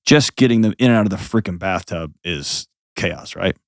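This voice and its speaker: A man's voice: deep voice, moderate pace, no room sound, studio quality. A man hosting an advice call-in show, talking bluntly and painting vivid scenes as he coaches a caller. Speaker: host.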